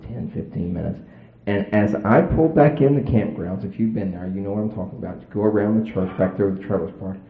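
A man preacher telling a personal story in a folksy, animated sermon. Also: on the low side. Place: church. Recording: roomy, tinny phone-like old tape.

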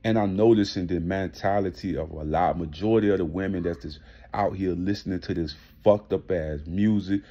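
Husky low-voiced man ranting. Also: normal speed, mellow, muffled recording. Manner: emphatic, indignant, heavy swearing. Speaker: commentary vlogger. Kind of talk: profane ranting commentary.

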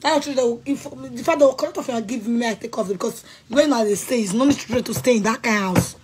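A woman with a Nigerian accent delivers a furious rant, scolding and threatening with sudden shouted bursts. Her voice sits a little higher than most women's. Faint noise hums underneath. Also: fast talker, low-quality recording. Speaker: vlogger. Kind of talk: angry rant to camera.

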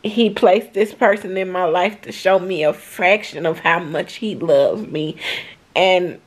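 Woman vlogger, crying softly, slow halting delivery. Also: on the low side. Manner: tearful, heartfelt, slow and halting. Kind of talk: emotional casual vlog talk.

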